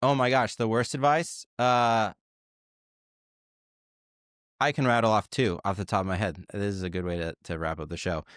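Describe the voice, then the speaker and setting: A man co-hosting a podcast in casual chat, thoughtfully telling parables and trailing off quietly at the ends of lines. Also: on the low side, steady tone, normal speed, long pauses, dry recording, studio quality. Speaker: podcast co-host.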